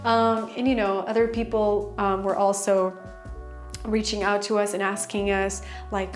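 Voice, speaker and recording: A young woman chatting excitedly in a casual storytime vlog, full of "like" fillers. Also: medium pitch, measured pace, faint music behind. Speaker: vlogger.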